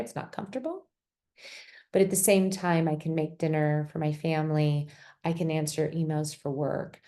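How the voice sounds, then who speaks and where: Soft-spoken woman explaining calmly. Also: lowish voice, gravelly. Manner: gentle, reflective, with many restarts. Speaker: speaker on survivor mental health. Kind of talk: explanatory talk.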